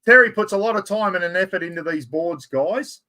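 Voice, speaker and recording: A middle-aged Australian man hosting a live giveaway stream, chatty and excitable, full of blokey slang. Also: high-pitched, brisk. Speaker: livestream host.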